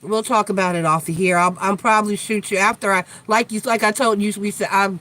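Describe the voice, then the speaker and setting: A woman's voice: mid-range voice, steady tone, fairly quick, sharp tone. A woman hosting a casual live tarot chat, blunt and chatty with free swearing, tired and yawning from lack of sleep. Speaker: tarot reader, live stream host.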